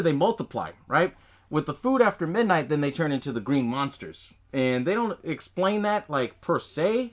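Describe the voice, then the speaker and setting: Laughing, profane man recapping a movie. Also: on the high side. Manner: loose, profane, laughs often while retelling. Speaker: podcast host.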